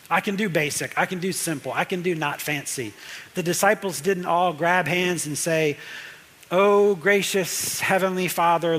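A man's voice: high voice, a bit bright. A man preaching a conversational sermon as a pastor, repeating phrases for emphasis.

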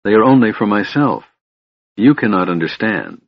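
A man voicing a shy, sorrowful young elven woman who speaks softly and low, on a dull dry recording. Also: very animated, normal speed, gravelly, no room sound, heavily acted. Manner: soft, low-voiced.

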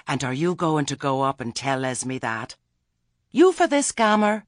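A man voicing a blunt, earthy old female village witch who talks plainly with rough grammar. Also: medium pitch, normal speed, fairly bright tone, no room sound, clean studio sound, voice pushed up, close to an everyday voice. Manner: plain-spoken, dialect grammar.

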